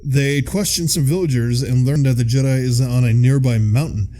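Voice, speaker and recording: A man's voice: medium pitch, normal speed, dark tone. A man with a Midwestern American accent, chatting casually as a podcast co-host and reading out episode summaries. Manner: casual, laughs often, curses freely.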